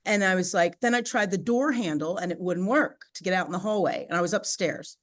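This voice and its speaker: A woman as a podcast guest, telling a personal story in animated, chatty conversation with frequent fillers. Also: fairly low pitch, a little fast. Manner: animated, chatty, laughs often, many "you know" and "right?" fillers.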